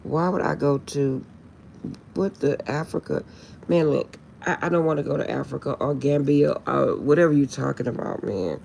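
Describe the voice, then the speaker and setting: A woman's voice: sits low, normal speed, creaky, darkish tone, a little hiss or hum. A woman chatting casually on a late-night live stream, laughing often and insisting she is serious.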